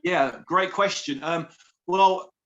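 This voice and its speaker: A man's voice: high voice, takes it slowly, a bit bright, lo-fi sound. A man, a coach and author talking about himself in an upbeat, effusive interview manner. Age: 40s. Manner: effusive, repeats words, friendly and chatty. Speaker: guest, empowerment coach and author.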